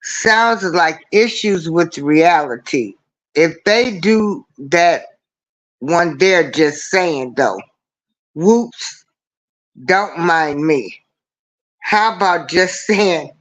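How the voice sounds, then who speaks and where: Slow, earnest man hosting a livestream. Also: on the high side, expressive, a bit bright. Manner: earnest, preachy, repeats his points. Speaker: livestream show host. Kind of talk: casual livestream talk. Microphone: computer mic on a livestream.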